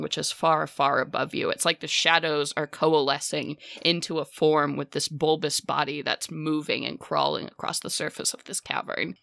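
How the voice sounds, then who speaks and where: GM narrator: woman, low and bright voice, descriptive, dry close mic. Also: creaky, dry recording. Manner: descriptive, filler-heavy. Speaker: game master. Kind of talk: narrating a tabletop game.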